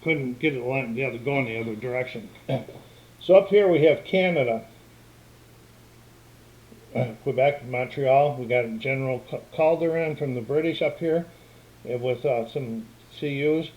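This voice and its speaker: An older man walks through a board game setup in a relaxed, plainspoken way, wandering a bit as he explains. His voice sits at an ordinary middle pitch. The camera microphone gives a slightly muffled, lo-fi sound. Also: moderate pace, long pauses. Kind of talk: casual tabletop game walkthrough. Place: room at home by a game table.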